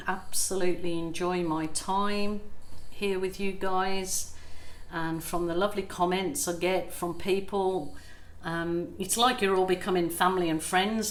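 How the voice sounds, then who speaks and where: A middle-aged woman hosts her own craft channel, talking slowly and chattily with a slightly low voice. She pokes fun at herself as she narrates a paint pour. The room sounds echoey, with a faint hum of ambient noise behind her. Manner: chatty and self-deprecating, thinks aloud. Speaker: acrylic pour artist and channel host. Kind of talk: casual how-to chat while painting.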